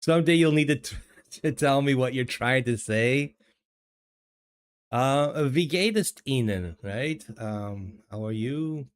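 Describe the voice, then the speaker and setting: An older American man hosts a casual livestream chat from his home streaming studio, reading the chat aloud. His mid-range voice is smooth and unhurried, and he speaks hesitantly, repeating words and chuckling often. Captured on a desk microphone, the sound is clean and studio-like with no room sound.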